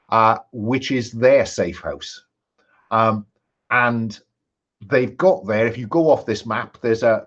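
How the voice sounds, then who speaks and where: Man, game master, husky voice, muffled lo-fi sound, measured with many ums. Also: mid-range voice. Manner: measured, frequent ums and restarts. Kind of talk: narrating a tabletop game.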